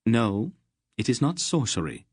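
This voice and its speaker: A man doing a calm, commanding sorceress. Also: medium pitch, unhurried, slightly rough, no echo, studio quality, voice pushed up. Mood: firm.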